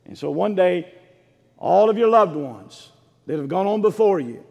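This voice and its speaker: A man preaching a sermon as pastor, fervent and swelling into shouts, calling for responses from the congregation. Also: sits high, lively intonation, unhurried, creaky, muffled recording. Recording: long reverb of a large hall.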